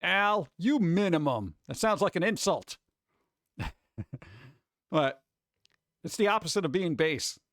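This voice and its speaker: A man's voice: fairly high pitch, expressive, measured pace, pauses often, dry recording, studio quality. A man hosting a live stream, chatting casually and reading chat aloud in a rambling, jokey way with muttered asides.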